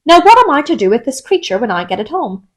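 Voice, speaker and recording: A woman's voice: sits high, sing-song, fast talker. Alice, a polite curious girl, as a woman reads her. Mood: earnest. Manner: earnest, polite, a little timid. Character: polite, curious young girl lost in a strange land. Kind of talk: storybook reading.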